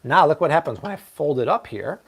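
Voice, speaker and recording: A man's voice: fairly high pitch, lively intonation, a little fast, background noise. A man hosting a live cooking show from his kitchen, chatty and playful as he talks through each step and jokes with viewers. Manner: chatty and playful, joking with the chat. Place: home kitchen.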